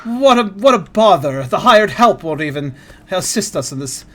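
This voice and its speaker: Brief: a man doing a loud, drawling posh snob, haughty and bothered. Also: high-pitched, animated, moderate pace, voice pushed up, heavily acted.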